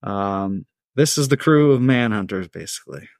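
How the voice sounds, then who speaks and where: A man's voice: on the low side, animated, normal speed, no echo, clean studio sound. A man hosting a podcast, reading a story from a script in a laid-back way with casual asides. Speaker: podcast host.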